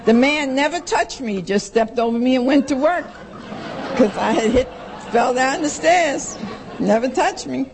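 New woman telling her story to the room, blunt, hammers points home, slightly high voice. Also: animated, normal speed, a little hiss or hum, low-quality recording. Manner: blunt and emphatic, repeats for stress. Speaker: recovery meeting speaker. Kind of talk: personal testimony to an audience.

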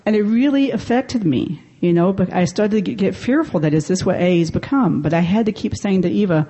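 A woman's voice: mid-range voice, animated, fairly quick, hardly any pauses, dark tone. A woman speaking at a convention, sharing her story in a candid, self-deprecating way with frequent laughs. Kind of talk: personal recovery talk. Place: convention meeting room.

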